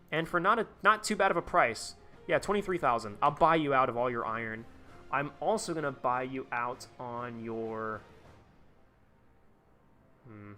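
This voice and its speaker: A young man with a sharp, mid-range voice live-streams a game, giving casual commentary as he chats. He rambles, using lots of fillers and restarting sentences often.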